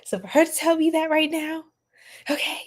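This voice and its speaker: A bubbly, giggly woman hosting a tarot livestream, chatting with viewers, laughing often and gasping with excitement. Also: sits high, normal speed. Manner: gasps and squeals with excitement. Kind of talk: live chat with viewers.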